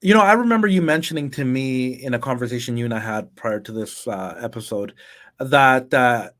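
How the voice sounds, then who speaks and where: A man's voice: mid-range voice, expressive, fairly quick, a bit bright. A man hosts a podcast interview in a mid-range voice. He cheers his guest on with eager affirmations. He asks long, winding questions. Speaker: podcast host. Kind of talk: interview hosting.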